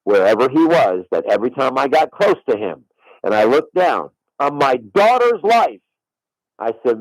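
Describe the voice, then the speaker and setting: A man's voice: medium pitch, sing-song, brisk, darkish tone, dry recording, low-quality recording. A middle-aged man, a former caddie, telling a long story on radio and swearing on his daughter's life. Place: radio studio.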